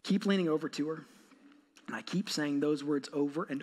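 A man's voice: on the high side, moderate pace, darkish tone, husky. A man in his thirties, a pastor giving a sermon, telling a self-mocking, humorous story. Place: church.

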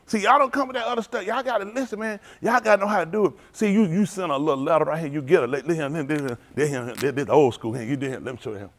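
With a slightly high voice, a man preaches at a quick clip with few pauses. His sermon is loose and joking, teasing the congregation in a drawling street slang.

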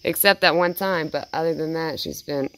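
A woman talking casually and cooing praise in a soft, baby-talk tone, outdoors at night. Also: sits low, moderate pace, a little hiss or hum. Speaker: vlogger. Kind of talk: casual talk to a wild animal.

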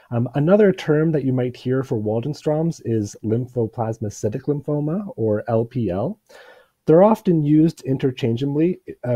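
A man presenting a medical lecture, slightly hoarse from a cold, explaining in a measured way with frequent pauses and fillers. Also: mid-range voice, dark tone, dry recording. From Canada. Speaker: hematologist presenter.

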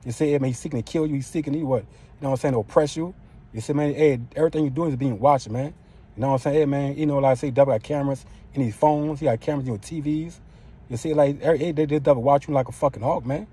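A man's voice: medium pitch, racing, warm tone, husky. A man preaching an informal sermon in a profane, street-style way. He keeps throwing in "man" and "you know what I'm saying".

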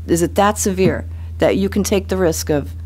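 A man's voice: high voice, moderate pace, darkish tone, a little hiss or hum. A man, a county official, speaking bluntly at a public meeting and pressing pointed rhetorical questions.

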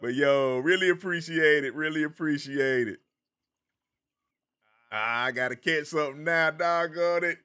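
A man's voice: a little high, a little slow, sharp tone, clear, resonant tone. A man with a Southern American accent, from the Carolinas, casually chatting with viewers by name while streaming a game. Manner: laid-back, chatty, greets viewers by name.

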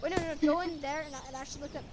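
High-voiced bossy gamer girl over loud noise. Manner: bossy, excitable, gives quick instructions to the others. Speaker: game player. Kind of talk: excited role-play banter while gaming.

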